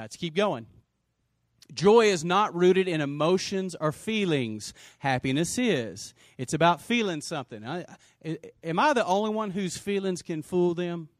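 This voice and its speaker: Male pastor, high lively voice, dry close sound, energetic sermon delivery with shouts. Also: no echo. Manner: animated preaching with shouts and call-and-response.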